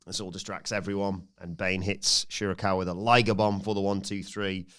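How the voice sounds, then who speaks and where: Male podcast co-host, low and smooth, brisk match recap. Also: level tone, fairly bright tone. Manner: brisk play-by-play recounting with frequent "uh" fillers.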